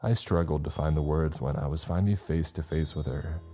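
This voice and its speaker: A man's voice: rumbling low, fairly quick, mellow, faint music behind. A man narrating a scripted first-person horror story in an uneasy, rambling, confessional way.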